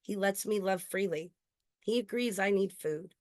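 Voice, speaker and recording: A woman performing her own spoken-word poetry at an open mic, earnest and intimate, slowing on key lines. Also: medium pitch, a little mellow, no echo, studio quality. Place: indoor open mic venue.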